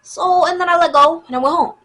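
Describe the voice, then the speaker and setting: A young woman, telling a casual storytime vlog in a chatty, animated way. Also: very high-pitched. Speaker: vlogger.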